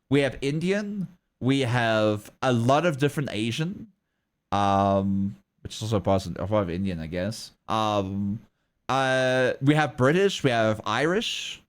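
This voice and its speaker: A young man from South Africa with a South African accent, chatting casually and rambling with his livestream viewers. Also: mid-range voice. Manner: rambling, lively, laughs often.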